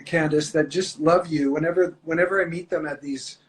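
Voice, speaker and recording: A man's voice: a little high, fairly even intonation, a little fast. A man chatting as a guest on a phone livestream from indoors, goofy and playful. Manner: goofy, playful, self-described a bit nuts. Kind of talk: casual chat.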